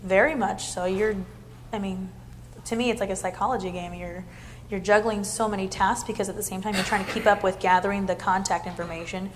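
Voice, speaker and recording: A woman at an ordinary pitch talks earnestly about her phone work. Her manner is upbeat and plain, and she explains her approach step by step. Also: fairly even intonation, fairly quick, a little hiss or hum. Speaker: customer service representative. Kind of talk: casual interview chat.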